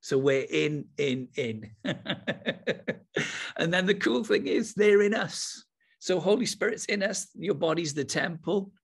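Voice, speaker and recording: A man teaching with enthusiasm, then slowing to a soft, unhurried pace to lead a guided meditation. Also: a little high, animated, vocal fry, husky. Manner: enthusiastic, then slow and soft when guiding. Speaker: spiritual teacher.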